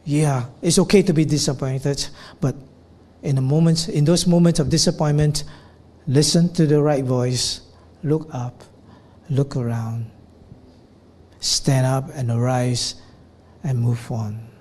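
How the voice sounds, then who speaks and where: A man's voice: medium pitch, fairly even intonation, a little slow, a little mellow. A man preaching a sermon, telling stories and acting out quotes along the way. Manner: storytelling sermon with acted quotes. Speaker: pastor.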